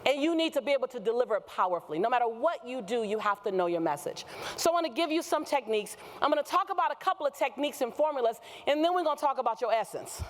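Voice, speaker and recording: High-voiced woman preaching to a crowd. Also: lively intonation, fast, few pauses. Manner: call-and-response with the audience, shouting at peaks. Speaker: motivational speaker. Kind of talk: motivational keynote speech. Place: conference hall with a live audience.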